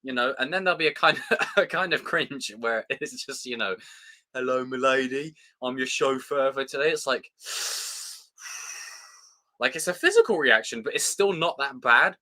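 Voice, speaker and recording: A British man hosting a casual live review chat, excitable and sweary, with plenty of fillers. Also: medium pitch, a little slow. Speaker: show host.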